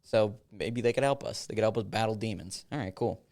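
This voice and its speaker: Young man, low voice, podcast host, reads passages aloud, casual asides. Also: a little fast, darkish tone. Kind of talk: casual chat, reading aloud.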